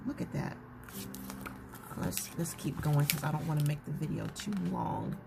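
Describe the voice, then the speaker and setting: A journaling vlogger flips through her journal and chats casually with her viewers, warmly calling them "y'all." Her voice is low-pitched with vocal fry, moving at a moderate pace, and the recording has noticeable background noise.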